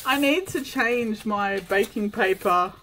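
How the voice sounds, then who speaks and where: A woman's voice: medium pitch, slow pace, pushed and bright, slight background noise, rough recording. A woman vlogging a casual crafting tutorial, chatty and rambling with frequent ums.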